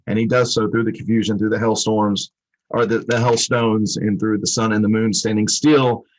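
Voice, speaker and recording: A man's voice: fairly low pitch, flat delivery, moderate pace, a little hiss or hum, poor audio. A man co-hosting a Bible study show, explaining a passage in a rambling, conversational way with many restarts.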